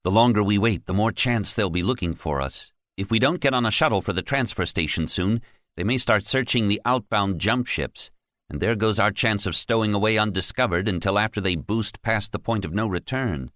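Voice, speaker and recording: A man's voice: fairly low pitch, brisk, a bit bright, dry recording, studio quality, pitched above the performer's own voice, lightly acted. A man voicing Tony, a nervous young man who is determined and urgent, in an audiobook. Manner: urgent, reasoning. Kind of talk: audiobook character voice.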